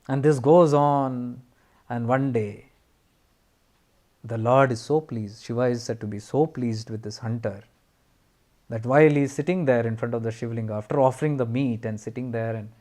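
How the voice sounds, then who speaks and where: A man speaks as a spiritual teacher, telling a devotional story. He takes his time and repeats key words for emphasis. His voice sits at an ordinary middle pitch. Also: a little mellow. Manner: earnest, unhurried storytelling with emphatic repetitions.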